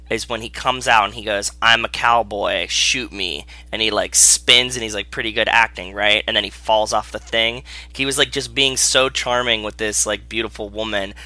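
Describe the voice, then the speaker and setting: Very bright-voiced man rambling casually. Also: lowish voice, dry recording. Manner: rambling, lots of fillers, laughs while retelling. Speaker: podcast guest. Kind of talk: casual movie podcast chat.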